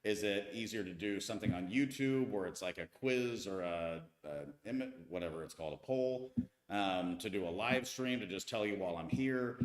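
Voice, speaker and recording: A man's voice: fairly low pitch, moderate pace, echoey room. A man in his thirties from the United States hosting a casual live stream, chatting loosely and answering viewer comments. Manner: chatty, reads viewer comments aloud, frequent restarts. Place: home with tile floors.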